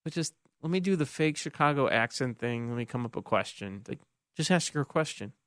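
A man's voice: mid-range voice, expressive, brisk, no room sound. A man hosting a sports talk radio show, opinionated and wry, taking callers and reading texts in the studio. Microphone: studio microphone.

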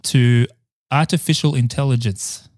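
A man co-hosting a podcast in casual chat, playful and quick to laugh. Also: mid-range voice, steady tone, darkish tone, no room sound, clean studio sound. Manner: playful, laughs often, chatty with restarts. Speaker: podcast co-host.

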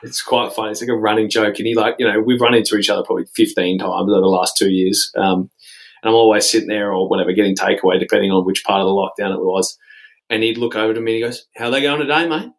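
A young Australian man with a somewhat low voice chats in a relaxed, meandering way. He stacks up "um"s, "like"s and false starts as he tells his stories. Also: quick pace, poor audio. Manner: rambling, many fillers and restarts. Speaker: podcast co-host. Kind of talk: casual chat.

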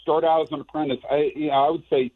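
A man's voice: on the high side, steady tone, quick pace, slight background noise. A man, a business owner, talking earnestly in a casual panel discussion, rambling with restarts. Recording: tinny phone line.

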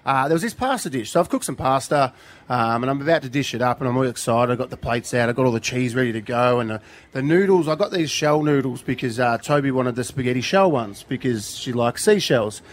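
A man's voice: mid-range voice, expressive, fast. A middle-aged Australian man on a radio breakfast show, telling a rambling story full of fillers, restarts and acted-out quotes. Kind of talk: casual on-air storytelling. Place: live outdoor radio broadcast at a riverside venue.

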